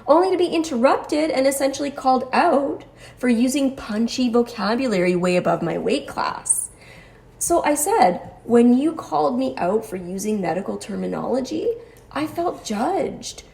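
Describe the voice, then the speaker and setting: A woman's voice: a little high, lively intonation, moderate pace, gravelly, a little mellow. A woman telling her own story as a patient in a personal monologue, articulate and precise, with a wry, exasperated edge. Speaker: cancer patient sharing her experience.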